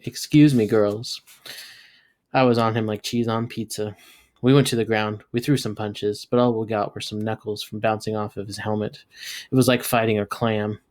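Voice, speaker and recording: A male teacher reads a novel aloud, bringing its dialogue to life by voicing the characters with sudden leaps in pitch and loudness. His delivery is lively and at normal speed, in a read-aloud storytelling style.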